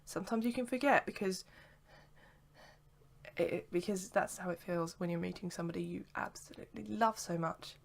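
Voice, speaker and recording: A woman's voice: fairly low pitch, moderate pace, creaky, a little hiss or hum. A young woman telling a long story to camera in a casual vlog, rambling with lots of "sort of" and "like". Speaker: vlogger. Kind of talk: casual chat.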